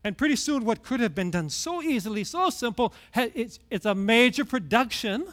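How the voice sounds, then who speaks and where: A middle-aged male pastor giving a conversational sermon, sinking to hushed low tones and rising to loud emphasis. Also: animated, normal speed.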